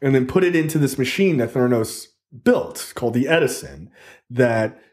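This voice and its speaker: In a mid-range voice at normal speed, a male podcast host relates a story conversationally, the recording carrying a roomy echo. Swearing freely and animated throughout, he fills it with "like" and checks in repeatedly with "right?"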